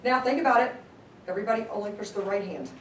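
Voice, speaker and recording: A woman leading a live sales training class, energetic and constantly quizzing her audience. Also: medium pitch, quick pace, slight background noise. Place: meeting room with a group. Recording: echoey room, distant mic.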